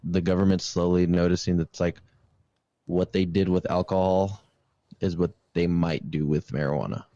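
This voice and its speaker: A man's voice: deep voice, little pitch movement, moderate pace, dark tone, dry recording, muffled recording. A young man hosting a casual podcast chat, talking in a laid-back, rambling way with fillers. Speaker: podcast host.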